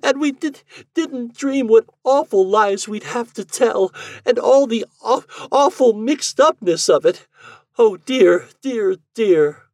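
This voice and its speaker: A young woman chokes out her words through heavy sobs, stumbling and stammering as she goes, put on by a man. The voice sits far higher than a man's usual register and swings widely in pitch. It is a storybook figure in distress. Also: lively intonation, takes it slowly, darkish tone, no room sound, studio quality, exaggerated voice. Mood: sobbing. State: crying.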